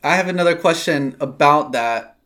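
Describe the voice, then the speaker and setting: A man hosting a casual conversation, reflective, with soft backchannels and pointed questions. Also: a little high, normal speed, faint music behind.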